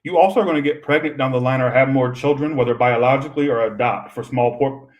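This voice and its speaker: A man's voice: medium pitch, quick pace, rough recording. Young male tarot reader on a live stream: chatty and rambling, swears freely, ordinary mid-range voice.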